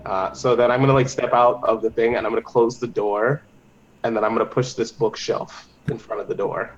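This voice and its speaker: A man's voice: medium pitch, fairly even intonation, a little fast. Plotting man in a lo-fi game recording. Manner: plotting, laughs often. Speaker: player. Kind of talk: tabletop game play, casual. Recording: dull lo-fi sound.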